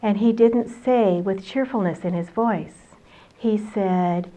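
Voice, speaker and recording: Expressive woman storyteller, lo-fi sound. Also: medium pitch, takes it slowly. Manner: expressive, conversational. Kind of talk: oral storytelling performance. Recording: dull lo-fi recording.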